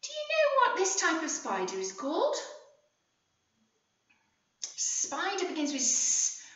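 A female English teacher gives a phonics lesson for young children in a high, lively, sing-song voice, speaking slowly and clearly with frequent gasps. She's animated, but the recording is dull and echoey, her voice heard from a distance.

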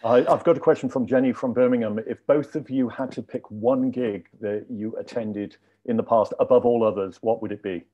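A man's voice: mid-range voice, fairly even intonation, normal speed, hardly any pauses, mellow, highs cut off. A man hosting a Q&A, reading out audience questions politely with a dry joke now and then. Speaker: Q&A host.

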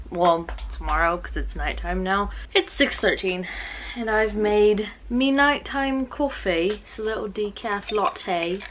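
A woman's voice: mid-range voice, a bit bright, a little hiss or hum. A young adult woman chatting casually at home in a rambling, self-mocking way as a book vlogger. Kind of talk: casual vlog chat. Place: home, indoors at night.

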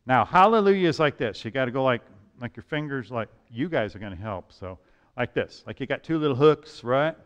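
A man leading a children's message in church, playful and animated, singing and acting out moods for the kids. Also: medium pitch, fairly quick, lo-fi sound. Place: church sanctuary.

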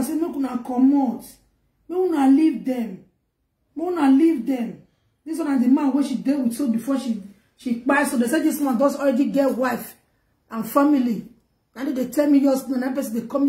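A high-voiced woman vlogger tells an emotional gossip story in Nigerian Pidgin English from her home in Germany. The room is reverberant, and her voice climbs and gets loud when she's upset.

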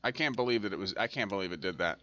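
A man's voice: on the low side, rapid-fire, sharp tone, dull audio. A man hosting a let's-play, talking through a transport tycoon game and scolding it when things go wrong. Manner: grumbles and scolds the game aloud. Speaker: gaming channel host. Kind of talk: casual let's-play commentary.

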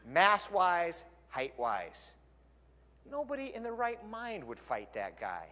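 A male pastor preaching a sermon in a lively, conversational storytelling way, in a church sanctuary. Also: high-pitched, takes it slowly. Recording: long church hall reverb.

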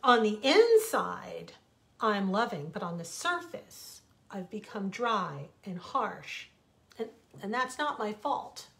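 Sulky lonely desert as a lady reading a fable puts it on, whiny, slow and drawn out. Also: medium pitch, big pitch swings, creaky, heavily acted. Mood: resentful. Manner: complaining, rising to loud wails. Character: lonely self-pitying desert, female-voiced, sulky.

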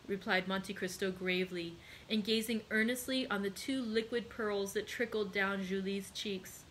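A woman, a library host, narrating a classic novel in a steady, clear reading. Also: medium pitch, moderate pace, few pauses, a little hiss or hum, rough recording.

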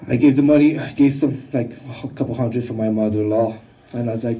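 A man giving a personal testimony, telling his story in a halting, emotional way with many restarts. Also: mid-range voice, steady tone, dark tone, recorded from a distance, low-quality recording. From United States. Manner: halting, repeats words, emotional.

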